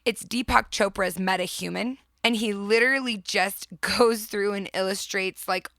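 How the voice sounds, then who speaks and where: Bright, enthusiastic woman podcast host. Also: medium pitch, steady tone, no room sound. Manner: enthusiastic, heartfelt, quick storytelling. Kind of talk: casual reflective podcast talk.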